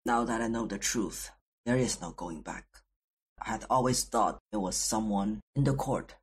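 A man's voice: lowish voice, normal speed, breathy edge. A man narrating his character in an improvised tabletop role-play, plain and matter-of-fact.

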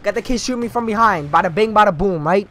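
A young man with a high voice talks over his gameplay footage, sarcastic and loose-mouthed. He swears a lot and keeps jumping into loud, animated outbursts, with a faint hum of room noise behind him. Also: fast talker. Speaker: gaming commentator. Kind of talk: casual gameplay commentary.

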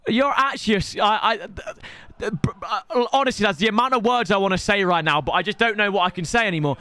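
A man's voice: high-pitched, fast, bright, forceful tone, clear, resonant tone, no echo. A man, commentating his own game on a live stream in an exasperated, ranting way.

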